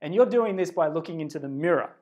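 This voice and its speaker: A man giving a livestreamed spiritual pep talk into a phone camera, earnest and rambling, swinging between hushed and loud, blunt and casually profane. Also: fairly high pitch, expressive, quick pace, lo-fi sound. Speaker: spiritual self-help speaker.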